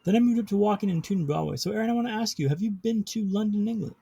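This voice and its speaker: Man, podcast guest, dramatic storyteller, rhythmic repetition, wry humor, husky, slightly high-pitched. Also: rapid-fire, mellow.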